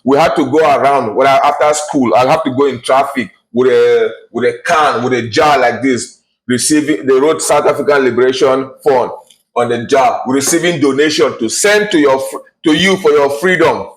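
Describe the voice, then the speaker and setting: A man's voice: mid-range voice, normal speed, poor audio. Blunt man ranting. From Nigeria. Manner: blunt, heated, scornful, with many restarts and fillers. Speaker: vlogger. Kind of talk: ranting to camera.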